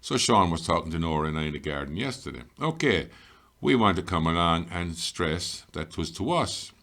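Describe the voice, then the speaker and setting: A man teaching an Irish grammar lesson, explaining patiently and reading example sentences slowly. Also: low voice, very animated, fairly bright tone.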